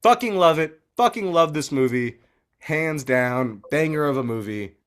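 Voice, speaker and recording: Man, podcast co-host, lively swinging pitch, profane and rambling casual chat. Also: measured pace, clean tone. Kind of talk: casual movie review chat.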